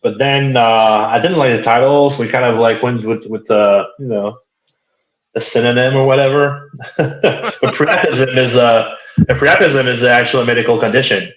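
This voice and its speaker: A man's voice: medium pitch, moderate pace, fairly bright tone, echoey room, muffled recording. A man in a band, talking in an interview and repeating words as he finds his way. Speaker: band member. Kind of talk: casual interview chat.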